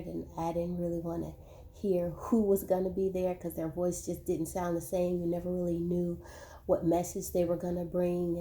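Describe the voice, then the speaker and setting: Woman, slow and measured, speaking to viewers in a dark, flat voice. Personal testimony. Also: fairly low pitch, a little hiss or hum. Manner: slow, measured storytelling with repeated words.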